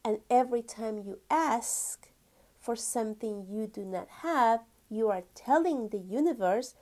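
Woman, spiritual teaching talk, unhurried, higher voice, earnest, stretched-out emphasis. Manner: gentle and earnest, stretches key words, sometimes drops to a whisper. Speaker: spiritual teacher and energy healer.

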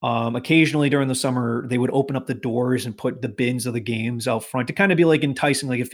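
A man from Massachusetts tells a story on a casual podcast. He is animated and profane. He acts out the people in his story in quick put-on voices. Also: medium pitch. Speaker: podcast host telling a work story.

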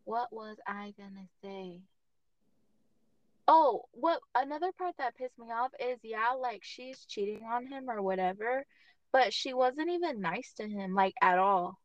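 A woman's voice: a little high, lively intonation, measured pace, no echo, dull audio. Young woman venting casually. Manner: casual, irritated venting with fillers. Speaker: podcast co-host. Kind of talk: casual chat.

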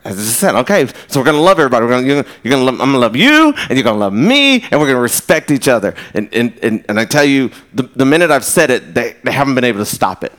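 A man preaching a sermon in a conversational, storytelling way, with quick asides. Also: medium pitch, big pitch swings, a bit bright. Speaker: pastor. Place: church.

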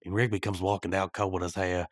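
Co-host, male, lowish husky voice; sarcastic and teasing, dry close mic. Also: little pitch movement, fast, dry recording. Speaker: podcast co-host. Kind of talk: casual episode recap chat.

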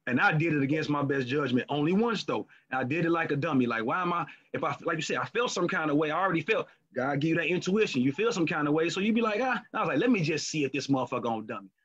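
A man in casual chat as a podcast co-host, talking candidly and profanely with animated storytelling. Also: on the high side, quick pace, hardly any pauses. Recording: lo-fi muffled recording.

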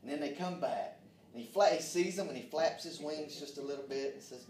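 Male preacher, fervent sermon, slightly high voice, roomy and distant. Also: brisk. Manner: fervent, calls out amen, drops to hushed tones. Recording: echoey room, mic far off.

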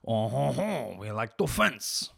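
A man voicing a snooty, smug French fencer in a mock French accent, with an affected, breathy manner. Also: mid-range voice, sing-song, slow pace, a bit bright, no echo, clean studio sound, full character voice.

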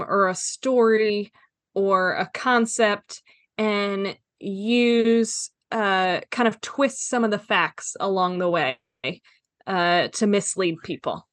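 A woman co-hosting a podcast, explaining a topic in measured casual talk. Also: medium pitch, dry recording. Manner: thoughtful, measured explanation with fillers.

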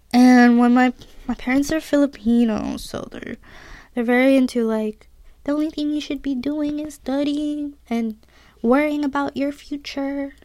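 Slow, giggly young woman confiding. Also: high voice, steady tone, darkish tone. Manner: confessional, giggly, says "like" often. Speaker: podcast host. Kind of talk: personal storytelling monologue.

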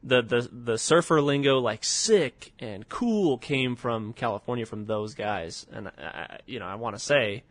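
A man hosting a casual podcast, rambling along with restarts and pauses. The sound is dry and close. His pitch sits in the middle. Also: lively intonation, no echo. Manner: rambling, hesitant, many restarts. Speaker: podcast host. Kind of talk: casual chat.

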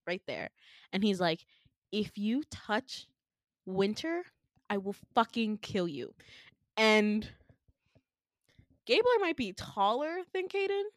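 A woman's voice: medium pitch, no room sound, clean studio sound. A young woman co-hosting a casual podcast, animatedly telling a dream story with frequent laughter. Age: young adult.

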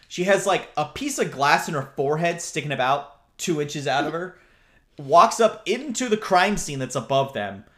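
A man's voice: on the high side, pushed and bright. Male co-host, loose and profane, rambles through movie recaps. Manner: rambling, profane, laughing retelling. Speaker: podcast co-host. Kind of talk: casual movie review chat.

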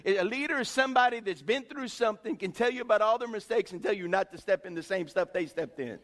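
A middle-aged man preaches in a folksy, conversational style, with a very high-pitched voice. He keeps checking in with his congregation, and his words ring out with a long reverb in a church sanctuary. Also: animated, fast, few pauses, fairly bright tone. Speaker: pastor. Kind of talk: sermon.

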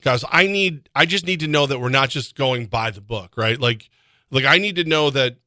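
A male sports radio co-host with a bright, forceful voice, animated and quick to laugh. He slips into little imagined exchanges as he talks. The sound is close and dry, with no room around it. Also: medium pitch, dry recording. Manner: animated, laughs often, acts out imagined dialogue. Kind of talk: casual sports talk.

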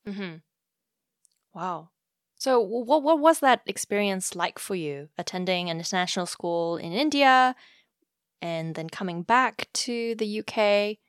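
Woman podcast host, short mm-hmms and questions, smooth clear voice. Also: medium pitch, animated, measured pace, dry recording, clean studio sound. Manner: brief encouraging responses and questions. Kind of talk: interviewing.

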